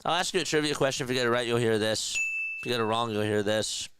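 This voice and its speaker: A man's voice: mid-range voice, fast, noisy background. A man calling a game live as a play-by-play streamer, casually chatting with viewers between plays.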